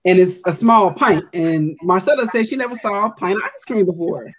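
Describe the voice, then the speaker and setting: A woman's voice: medium pitch, normal speed, slight background noise. A woman from Texas joining a casual group chat in a cheerful, teasing way. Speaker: podcast guest.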